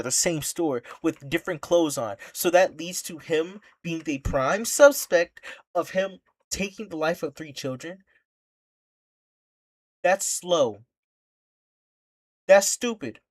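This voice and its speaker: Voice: mid-range voice, takes it slowly, pauses often. A streamer giving an impassioned, indignant commentary rant, full of rhetorical questions and repeated points.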